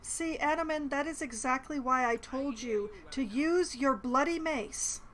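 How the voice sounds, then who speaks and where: A woman's voice: high-pitched, measured pace, fairly bright tone, poor audio. Chatty woman commentating her game. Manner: chatty, reads game dialogue aloud. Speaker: game streamer. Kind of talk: casual let's-play commentary. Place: apartment at home.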